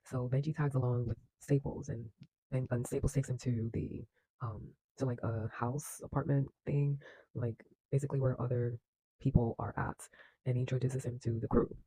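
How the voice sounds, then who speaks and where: A man's voice: medium pitch, flat delivery, moderate pace, warm tone, slightly rough, poor audio. A man casually retelling a film plot in a loose, chatty way, with lots of fillers and acted-out lines. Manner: acts out characters' lines with bursts of energy. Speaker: film reviewer.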